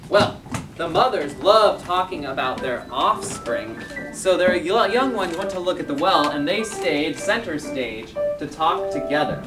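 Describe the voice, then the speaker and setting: A woman narrating a children's stage play, telling the story slowly and clearly while cueing the young performers. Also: low-pitched, lively intonation. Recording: echoey stage from far off with music.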